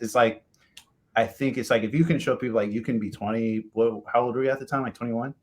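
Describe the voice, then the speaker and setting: An American man hosting a casual interview, animated and jokey, often mimicking other people's voices. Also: medium pitch, fairly quick. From United States. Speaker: podcast host.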